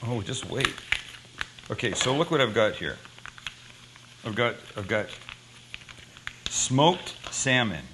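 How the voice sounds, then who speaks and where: A man's voice: medium pitch, takes it slowly, long pauses, noisy background. A man hosting a cooking show, chatting casually and telling joking stories as he cooks. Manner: joking, animated storytelling.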